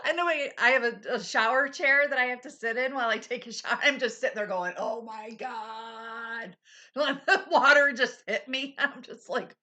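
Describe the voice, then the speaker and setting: Her voice is fairly high, bright and forceful, with some vocal fry. She's a middle-aged woman running a relaxed livestream, talking frankly with viewers and laughing a lot while recovering, her energy running low.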